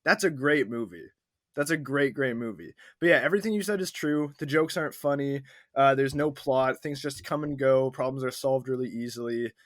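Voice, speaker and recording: A man's voice: medium pitch, moderate pace, dry recording, studio quality. A man co-hosting a podcast, ranting emphatically and with scorn, swearing as he goes. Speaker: podcast co-host. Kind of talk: casual movie review chat.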